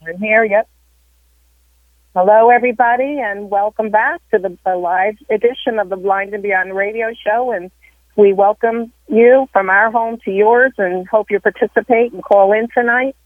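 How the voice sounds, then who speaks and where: A woman's voice: medium pitch, moderate pace, no room sound. A woman co-hosting a live radio show from home, friendly and welcoming. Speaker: radio co-host. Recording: tinny phone line from home.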